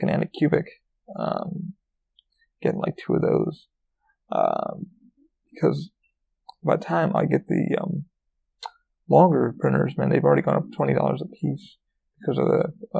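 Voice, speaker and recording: Gravelly, profane man rambling casually. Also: medium pitch, mellow. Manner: rambling, profane, frequent fillers and restarts. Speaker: podcast host. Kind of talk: casual solo podcast rant. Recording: dull lo-fi recording.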